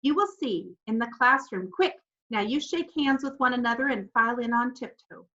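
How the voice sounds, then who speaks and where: A woman voicing a brisk nun teacher who scolds a group of children in an audiobook. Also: fairly high pitch, sharp tone, dull audio. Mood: scolding. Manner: brisk, scolding, then coaxing. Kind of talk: audiobook character voice.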